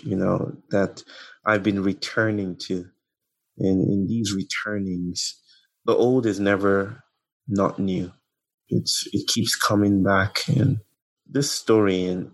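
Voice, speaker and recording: A man speaking in a slow, searching, reflective way, telling an old story and musing on its meaning. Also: sits low. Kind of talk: reflective conversation.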